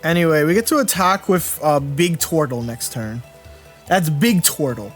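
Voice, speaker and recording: A man's voice: on the high side, expressive, moderate pace, breathy edge, faint music behind. A young man in his twenties doing casual live-stream commentary on a card game. He rambles, restarts his sentences and answers chat as he goes. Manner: rambling, self-interrupting, chatty with viewers.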